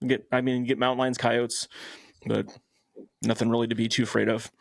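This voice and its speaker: A man from Nebraska co-hosting a podcast, chatting casually and agreeably with quick short replies. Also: medium pitch, flat delivery, vocal fry, no room sound. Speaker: podcast co-host. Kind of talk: casual chat.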